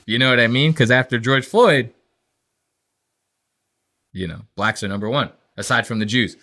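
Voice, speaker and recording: A man's voice: medium pitch, fairly quick, bright, forceful tone. A man hosting a podcast, telling a profane, ranting story and acting out what people said. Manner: profane, ranting, acts out quotes in voices. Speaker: podcast host. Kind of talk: casual podcast rant.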